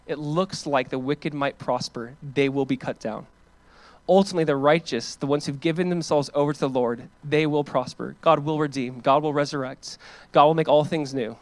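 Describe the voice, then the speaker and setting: A man's voice: a little high, no room sound. A man preaching a sermon as pastor, earnest and emphatic, mixing scripture with casual asides.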